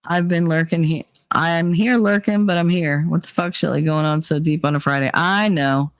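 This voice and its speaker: A tired-sounding woman hosts a livestream, reading out the chat and musing aloud in a candid, joking way, her voice a little worn. It's low and smooth, with a steady tone and moderate pace, and there's no room sound.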